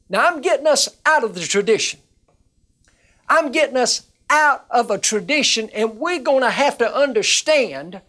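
With a slightly high voice, a woman minister teaches the Bible on television, speaking earnestly and emphatically and repeating words whenever she gets excited.

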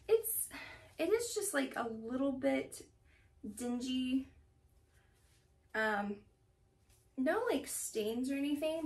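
A woman's voice: on the high side, vocal fry, distant mic, slight background noise. A young woman chatting casually at home about her thrift haul, rambling and laughing often. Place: home room.

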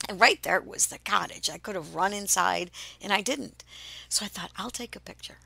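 A woman hosting a podcast, telling a personal spiritual story in a slow, hushed way that often drops to a breathy whisper. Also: medium pitch. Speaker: podcast host.

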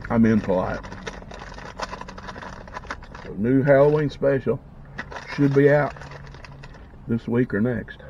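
Brief: slow-talking man with a gravelly voice, eating on camera, mouth full, muffled lo-fi sound. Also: mid-range voice, a little hiss or hum. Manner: savoring food, talking with his mouth full. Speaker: food vlogger. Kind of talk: casual eating vlog.

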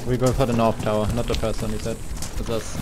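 Steady tactical gamer man. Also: fairly low pitch, quick pace, background noise. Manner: tactical, planning, steady calls. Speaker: teammate. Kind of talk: in-game voice chat.

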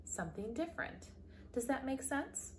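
A woman music teacher giving a recorded lesson to young children, with an animated sing-song delivery, big pitch leaps and slow, encouraging explanations. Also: a little hiss or hum.

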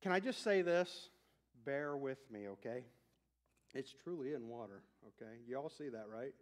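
A man's voice: medium pitch, animated, moderate pace. A male pastor preaching a sermon, emphatic and building in intensity, with chatty asides to his congregation. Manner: emphatic, rising to near-shouts on key points. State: out of breath.

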